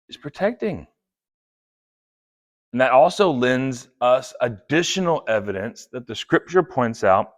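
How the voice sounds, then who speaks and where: A man preaching a sermon, playful and chatty, acting out quick quoted asides. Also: mid-range voice, fairly bright tone. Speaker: pastor.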